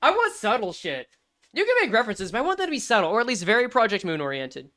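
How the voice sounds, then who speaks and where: A woman streamer giving casual, animated game commentary, reading lines aloud and swearing now and then. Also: a little high, fast talker.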